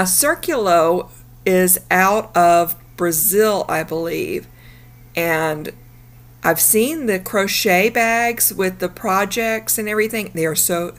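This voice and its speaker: A woman, chatting upbeat in a casual travel vlog, her voice a little rough from the morning. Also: mid-range voice. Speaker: vlogger.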